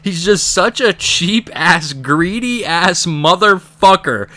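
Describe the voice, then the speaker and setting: Young male reviewer, bright dry voice, casual profane rambling commentary. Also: sits high, normal speed, few pauses, no echo. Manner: profane, rambling, laughing at jokes. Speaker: episode reviewer.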